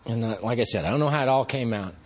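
A man's voice: mid-range voice, racing. Earnest man sharing a recovery story. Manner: earnest, rambling, conversational with restarts. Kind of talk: personal testimony at a meeting.

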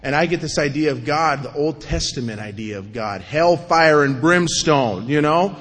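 A middle-aged man tells his recovery story with a self-mocking humor, acting out the people he quotes. His voice sits a little higher than most men's. The sound carries the long reverb of a large hall. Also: moderate pace, hardly any pauses. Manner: animated storyteller, acts out quotes, self-mocking, repeats himself. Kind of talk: recovery meeting talk.

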